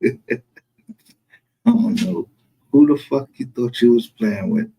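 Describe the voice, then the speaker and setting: A man's voice: medium pitch, moderate pace, dark tone, husky, low-quality recording. A man with a Southern US accent hosting a livestream, talking in a profane, mocking way and laughing often. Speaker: streamer host. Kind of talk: casual livestream commentary.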